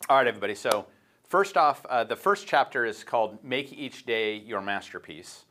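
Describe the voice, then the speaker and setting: A man's voice: mid-range voice, animated, normal speed, sharp tone, a little hiss or hum. A man hosting a casual morning talk show, rambling as he retells a book with lots of fillers and restarts. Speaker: show host.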